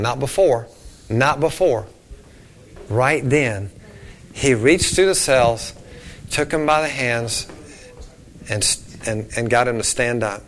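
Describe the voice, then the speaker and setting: A man preaches, telling a long story with an animated pace that sinks into a hushed tone whenever he quotes someone. His voice sits at an ordinary middle pitch for a man. A faint hiss of noise runs under the recording. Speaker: pastor. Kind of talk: sermon storytelling.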